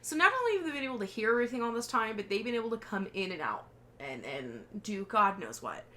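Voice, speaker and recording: Animated, foul-mouthed woman co-host. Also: fairly high pitch, quick pace, a little hiss or hum. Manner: animated, profane retelling with laughter. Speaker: podcast co-host. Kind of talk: casual film discussion.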